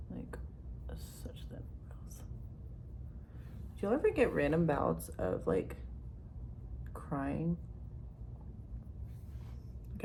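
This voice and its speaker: A young woman talks her way through a makeup tutorial, loose and chatty, stringing thoughts together with plenty of "like" and casual swearing. Her voice has a strong creaky fry, and now and then she sinks into a soft near-whisper. A faint hiss sits under the recording. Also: on the low side. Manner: rambling, filler-heavy, frequent "like", swears casually. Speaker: vlogger.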